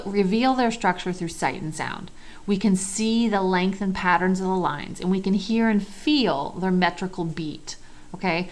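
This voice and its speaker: A woman teaching a lecture in a conversational way, asking rhetorical questions and checking in often with "okay" and "all right". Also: lowish voice.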